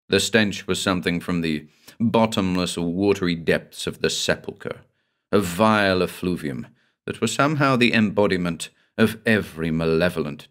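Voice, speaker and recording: A man narrating a horror story in a measured, somber first-person reading. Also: sits low, a bit bright. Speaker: audiobook narrator.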